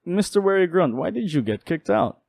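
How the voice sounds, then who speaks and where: A man's voice: high-pitched, very animated, moderate pace, vocal fry, a little mellow, no room sound, clean studio sound, pitched above the performer's own voice, full character voice. A man doing a caring, formal school principal. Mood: reassuring. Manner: polite and formal, addresses by title. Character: kind, caring male school principal, calm and reassuring.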